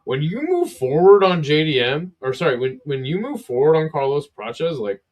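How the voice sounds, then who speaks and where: A tired, sleepy man giving casual, profane play-by-play commentary on a live fight stream, relaxed and laid-back. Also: fairly high pitch, moderate pace.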